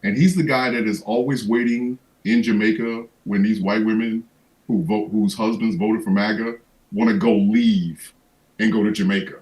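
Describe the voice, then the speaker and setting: A man's voice: fairly low pitch, fairly even intonation, normal speed, darkish tone, low-quality recording. A man hosting a livestream, ranting in casual comedic chat with lots of profanity and stammered restarts. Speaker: livestream host.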